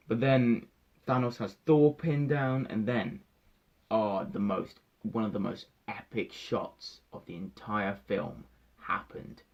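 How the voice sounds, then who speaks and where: A young man recounting a film in excited casual talk, swearing freely and acting out his own reactions. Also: on the low side, slow pace, muffled recording. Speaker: vlogger reviewing a film.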